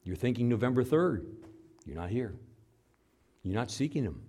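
A middle-aged man preaching a sermon, swinging between loud, high outbursts and low, quiet asides as he acts out dialogue between God and doubters. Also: big pitch swings, moderate pace, breathy edge. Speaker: pastor.

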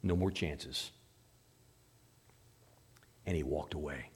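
A man preaching a sermon in a church, with sweeping swings from hushed, low passages to loud, emphatic ones. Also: slow pace, breathy edge. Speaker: pastor.

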